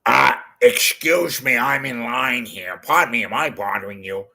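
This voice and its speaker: A man doing an impression of a polite, rumpled TV detective, slow and hesitant. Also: mid-range voice, gravelly, sharp tone, slightly rough, heavily acted. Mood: apologetic. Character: polite rumpled TV detective ordering food, apologetic.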